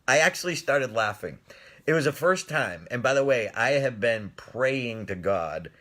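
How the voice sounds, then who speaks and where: On a live stream, a middle-aged man shares a personal story in a relaxed, animated manner, laughing often and responding to viewers' comments. He speaks slowly in a mid-range voice and pauses often.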